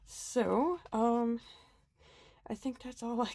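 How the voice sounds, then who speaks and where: A woman with a fairly high, mellow voice sounds animated yet speaks slowly in a studio-quality, echo-free recording. Feeling sick and winded, she chats about her budget planner in a casual vlog, poking fun at herself with frequent ums and laughs.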